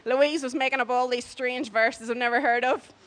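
A woman tells a story casually and lively, often acting out other people's voices and laughing as she goes. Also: sits high, moderate pace. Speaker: storyteller on a church mission trip.

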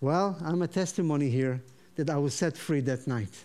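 A man from Israel, preaching his testimony in an animated way and acting out the voices in his story. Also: on the high side, normal speed. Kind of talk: sermon testimony.

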